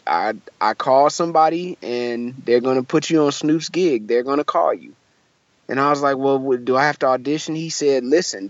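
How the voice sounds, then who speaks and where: A young man from Michigan tells a long story in a relaxed interview, acting out the quoted voices with plenty of likes and you-knows. His voice sits at a middle pitch. The sound is dry and a little dull. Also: no echo. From Michigan, USA. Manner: animated storyteller, acts out quoted voices, lots of fillers. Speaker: musician guest.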